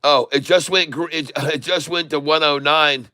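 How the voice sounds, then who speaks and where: Bright, crisp-voiced stock trading streamer. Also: male voice, on the high side, moderate pace, no room sound. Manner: excitable, repeats sell calls to viewers; jokey, mixes in broken Spanish. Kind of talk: live trading commentary.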